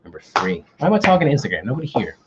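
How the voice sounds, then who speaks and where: Male quiz host, husky voice, lively joking delivery, dull lo-fi stream sound. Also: mid-range voice, racing. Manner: joking, self-deprecating banter. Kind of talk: casual livestream quiz hosting.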